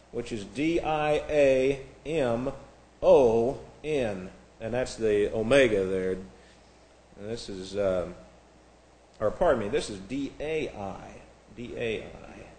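A man's voice: medium pitch, animated, slow. A man teaching a Bible class, lecturing with frequent restarts and spelling out words letter by letter. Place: church classroom. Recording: echoey room.

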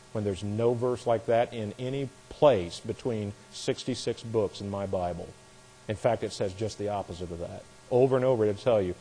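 A man teaching a Bible class as a sermon, forceful and scornful of doctrine he calls false. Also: lowish voice, breathy edge, big-room sound.

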